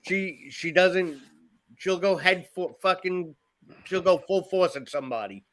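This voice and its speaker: A man's voice: high-pitched, measured pace, a bit bright. A middle-aged man on a podcast, chatting casually and telling rambling stories with plenty of swearing. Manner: rambling storytelling, heavy swearing. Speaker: podcast co-host. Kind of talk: casual chat.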